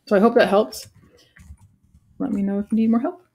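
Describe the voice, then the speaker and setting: A woman in her forties explaining a lesson to students in a relaxed, casual way, with frequent ums and self-corrections. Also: medium pitch, normal speed, slightly rough. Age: 40s. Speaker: teacher.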